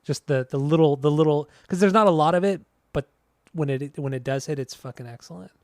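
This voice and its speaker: A man co-hosting a music podcast in casual chat, relaxed and enthusiastic as he talks through the music. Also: on the high side, fairly quick, no room sound, studio quality. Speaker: podcast co-host.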